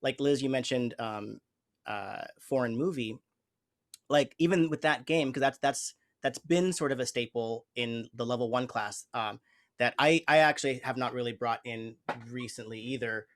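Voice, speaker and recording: A man's voice: mid-range voice, moderate pace, fairly bright tone. Earnest, reflective male improv teacher. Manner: reflective, earnest, searching for words. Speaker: host. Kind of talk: conversational interview.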